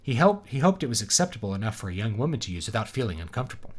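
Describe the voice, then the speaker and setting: A man's voice: lowish voice, sing-song, racing, hardly any pauses, slightly rough. A man reading a novel aloud on a livestream, mixing in wry, casual asides. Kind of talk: casual live reading with chat banter.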